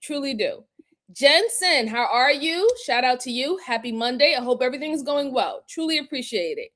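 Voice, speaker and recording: A woman's voice: sits high, expressive, normal speed, fairly bright tone. A woman hosting a casual livestream, greeting viewers one by one, repeating her thanks and laughing often. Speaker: livestream host.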